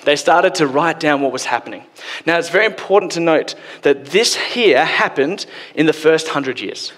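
A man's voice: on the high side, animated, normal speed, fairly bright tone. A man preaching a sermon in a church, casual and joking, acting out quotes as he goes. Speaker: pastor. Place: church hall. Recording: long hall reverb.

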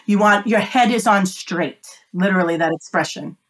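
A fast-talking woman, giving animated, emphatic advice as an interview guest. Her voice is a little whiny and squeaky, and it sits at a middling pitch for a woman. She talks over a video call from her home office. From Boston, USA. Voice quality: self-described whiny, squeaky voice. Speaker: guest, body language expert. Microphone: video call setup.

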